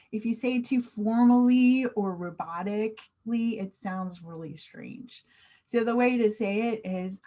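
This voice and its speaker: An American woman teaching English slang in an online class. She speaks clearly and asks the viewer questions. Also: medium pitch, darkish tone.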